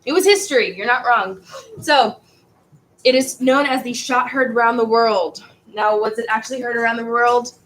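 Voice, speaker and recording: A woman's voice: on the high side, normal speed, a bit bright, a little hiss or hum, rough recording. A woman teaching a history class in a casual, rambling way, stumbling over words and restarting.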